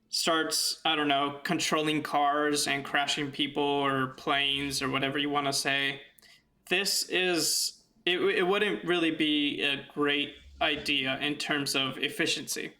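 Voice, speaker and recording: A man's voice: a little high, bright, forceful tone. A man talking through his ideas in an unscripted monologue, rambling with fillers and restarts and thinking aloud. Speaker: video essay host.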